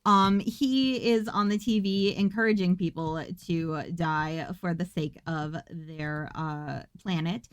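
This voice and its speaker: A woman's voice: on the low side, slow pace, hardly any pauses, clean tone, no room sound. A woman hosting a podcast, recapping a movie in a casual, rambling way with profane jokes and asides. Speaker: podcast host.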